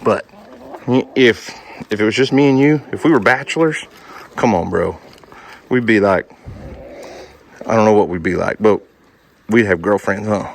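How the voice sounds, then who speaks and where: A man's voice: fairly low pitch, normal speed, creaky, long pauses. A man chatting casually and jokingly to his farm animals outdoors at a barn. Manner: joking, coaxing, talks to animals like pals. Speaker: homesteader vlogger.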